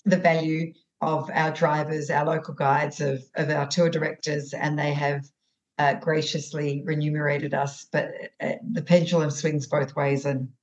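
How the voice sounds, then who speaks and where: Woman tour director guest, low voice, muffled remote line. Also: darkish tone. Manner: halting, many restarts and fillers. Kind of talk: casual podcast conversation.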